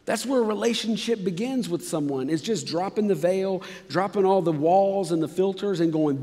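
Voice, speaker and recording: A man's voice: high-pitched, normal speed, few pauses. Man preaching in a reverberant church. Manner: conversational, emphatic preaching with sudden quiet drops. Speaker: pastor. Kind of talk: sermon. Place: church sanctuary.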